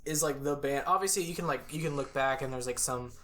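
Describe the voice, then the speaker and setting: A man's voice: mid-range voice, fast talker, a bit bright. A drunk young man, co-hosting a podcast and rambling through filler words and laughter. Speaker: podcast co-host. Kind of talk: casual drunk chat.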